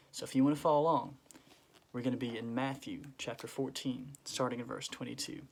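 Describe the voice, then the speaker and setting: A man at a middle pitch leads a children's Bible lesson. He tells the story in an animated way, slipping into voices for the characters and speaking directly to the kids. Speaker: children's church teacher.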